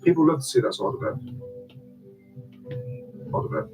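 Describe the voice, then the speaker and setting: A man's voice: normal speed, darkish tone, soft background music, rough recording. A man chatting casually on a live stream, repeating himself and thanking viewers. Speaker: online reseller and streamer.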